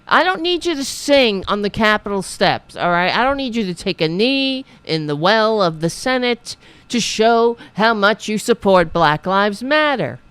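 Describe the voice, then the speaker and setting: A woman's voice: mid-range voice, big pitch swings, unhurried, fairly bright tone, smooth, no room sound. A woman hosting a political show, ranting in a profane, sarcastic, exasperated way while reading viewers' chat.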